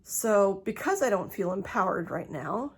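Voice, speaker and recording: A middle-aged woman chats into her phone from home in a loose, unscripted way. She laughs easily and trips over her words as she goes. Her voice sits at a middle pitch for a woman. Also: sing-song, a little slow, husky. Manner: chatty, laughs often, talks with restarts. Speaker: vlogger. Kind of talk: casual personal vlog. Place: home, indoors.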